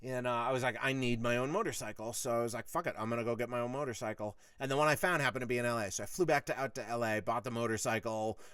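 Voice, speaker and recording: This American podcast host, a middle-aged man, rattles through a lengthy tale at rapid-fire pace with hardly any pauses, cursing liberally and performing heated quotes. His mid-range voice sounds clean and echo-free, though the mic sits far away.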